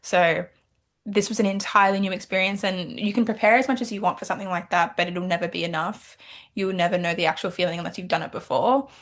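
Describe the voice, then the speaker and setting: A young woman from Australia talks casually as an interview guest. She tells her story with animated energy, acting out her own past thoughts in quotes. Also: on the low side, fast talker. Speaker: pageant titleholder guest.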